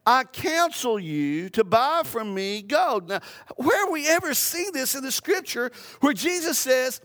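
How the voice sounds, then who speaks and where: A man with a high voice delivers a sermon from the pulpit. He drives his points home with emphatic repetition, stacking phrase on phrase and restarting as he goes. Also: very animated, measured pace, a bit bright. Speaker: pastor.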